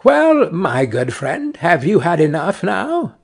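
A man voicing a bold, vengeful female sparrow who scolds in a high, emphatic voice. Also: wildly swooping pitch, takes it slowly, creaky, full character voice. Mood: friendly.

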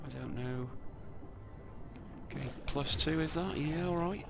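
A man with a fairly high-pitched voice and a British accent speaks unhurriedly against background music. As a slot streamer, he provides casual live commentary on his own spins that's sweary and sarcastic, muttering between his outbursts.

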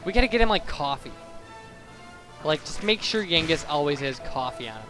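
A man's voice: a little high, expressive, normal speed. A young man giving casual, rambling commentary over his gameplay, wandering into side tangents and correcting himself mid-sentence. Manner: rambling, digressive, self-correcting. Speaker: let's play commentator. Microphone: boosted home microphone. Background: faint game music.

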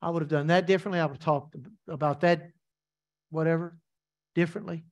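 Emphatic preaching man, fairly high voice. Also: fairly even intonation, fairly quick. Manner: emphatic preaching with repeated lines and rhetorical questions. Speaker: pastor. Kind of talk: sermon.

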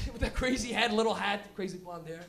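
High-pitched, animated stand-up comedian man. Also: brisk. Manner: profane, animated, laughing, acts out characters. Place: comedy club stage.

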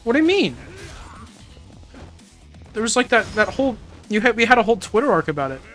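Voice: mid-range voice, sing-song, brisk, fairly bright tone. Giggly let's-play streamer with faint game music. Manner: chatty and giggly, laughs often.

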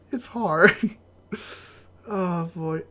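A man's voice: sits high, very slow, pushed and bright. A man casually commenting while playing a video game, rambling, swearing and laughing often. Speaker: let's play host.

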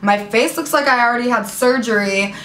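A young adult woman with a fairly high voice tells a personal story straight to camera, animated and dramatic, with lots of "like" fillers. Her voice bounces around an echoey room. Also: fairly quick, a little hiss or hum. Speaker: vlogger.

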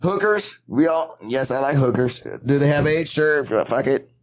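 A man's voice: a little high, expressive, unhurried. A man doing an impression of a hard-partying male celebrity, rambling through a boastful list of his vices.

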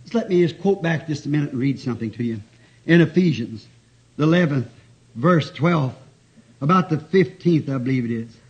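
A man, exclaiming and chuckling as he drives each point home. His voice sits high and leaps up and down with feeling. The old 1960s tape makes it sound muffled and dull. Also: lively intonation. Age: 50s. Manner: fervent, exclaiming, quick to chuckle. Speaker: preacher. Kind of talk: fervent sermon. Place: church before a responding congregation.

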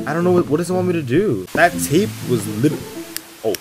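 A young man playing a horror game on his channel, jumpy, swinging between nervous muttering and sudden shouts. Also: medium pitch, expressive, brisk, music in the background. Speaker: gaming YouTuber. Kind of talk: horror game let's play commentary.

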